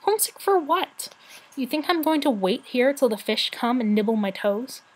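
A woman voicing a small, quick-tempered brownie girl who scolds and snaps in a storybook reading. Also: high voice, lively intonation, slightly rough. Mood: indignant. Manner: snappish, scolding.

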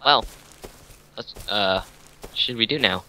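A man's voice: fairly low pitch, unhurried, pushed and bright, slight background noise, poor audio. A young man chatting casually with a friend while they play, laid back and making crude quips. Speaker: co-player. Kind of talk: casual gameplay chat.

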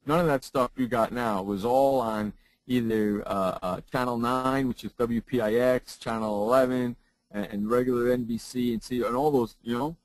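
A man's voice: medium pitch, steady tone, normal speed, dry recording, rough recording. A man who hosts a sports talk radio show, giving a seminar presentation on broadcasting and repeating his points for emphasis into his own broadcast microphone.

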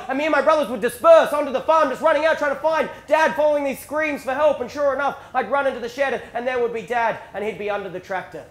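High-voiced Australian comedian telling stories. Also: male voice, very fast, hardly any pauses. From rural South Australia. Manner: animated, bursts into shouted impressions of his father. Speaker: stand-up comedian. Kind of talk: stand-up storytelling. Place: theatre stage before a live audience. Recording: roomy stage sound with faint ambience.

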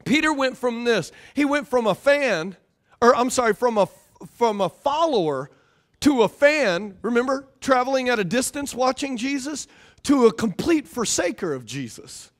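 A man pastor preaching a sermon in a conversational, animated way, often repeating his phrases. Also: extremely high pitch, normal speed.

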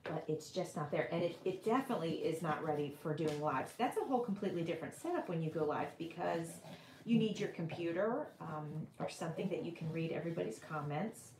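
A woman's voice: low-pitched, lively intonation, normal speed, darkish tone, slight background noise. Woman, middle-aged, livestream host, casual rambling chat, home craft room, roomy echo. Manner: chatty, rambling, reads comments aloud.

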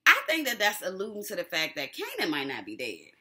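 A woman hosting a casual TV episode recap, animated and slangy, who laughs often. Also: on the low side, a little fast. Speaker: TV recap host.

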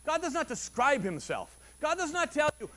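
A male pastor delivers a Sunday sermon in a conversational, animated way, often restarting his phrases. His voice sits high for a man, and it climbs and swells as he builds toward a point. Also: normal speed. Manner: animated and conversational, with frequent restarts and rising emphasis. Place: church service.

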